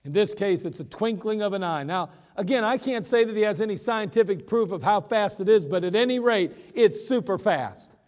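A man preaching a sermon in a folksy, joking way, slowing down for emphasis. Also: high voice, expressive, a little mellow, in a large hall. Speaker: pastor.

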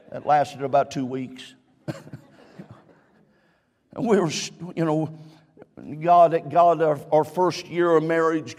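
A man's voice: a little high, darkish tone, in a large hall. A middle-aged man preaching a sermon as a pastor, telling a personal story and then building into fervent preaching. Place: church sanctuary.

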